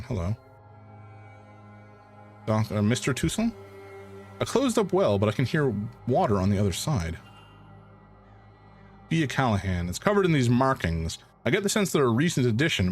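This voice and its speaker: A man's voice: medium pitch, very animated, normal speed, long pauses, faint music behind. A man, streaming a game and thinking aloud in rambling commentary. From Canada. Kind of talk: let's play commentary.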